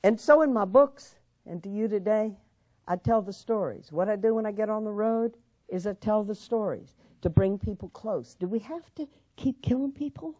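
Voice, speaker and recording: An older woman speaks from a lectern, her voice mellow and warm rather than bright. The sound is close and dry, with little room around it. She tells her stories with earnest conviction and turns them into pointed questions for the audience. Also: medium pitch, moderate pace, dry recording, dull audio. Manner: earnest storytelling, rising to urgent questions. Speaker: speaker at a civic forum. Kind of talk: public speech. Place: lecture hall.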